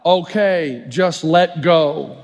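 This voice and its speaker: A man voicing God as a calm, commanding male deity, giving slow, measured orders. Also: fairly high pitch, in a large hall, voice pushed down.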